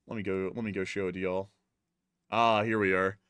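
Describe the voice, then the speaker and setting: A man's voice: level tone, fairly bright tone, clean tone, dry recording. A man hosting a live stream and answering super chats casually, with a slightly strained voice and plenty of "uh" fillers. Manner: casual, drawn-out fillers, with sudden pitch jumps. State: voice feels strained. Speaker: show host.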